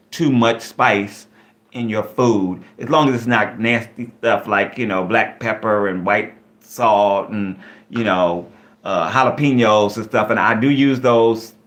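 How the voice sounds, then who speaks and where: A man's voice: lowish voice, a little slow, fairly bright tone. A man hosting a live online Q&A, chatting casually and rambling with many fillers. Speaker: live stream host.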